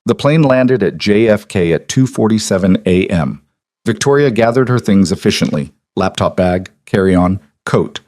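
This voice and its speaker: A man narrates a scripted story in a calm, measured voice. His pitch sits on the low side. The recording is dry, with no room sound. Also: no room sound.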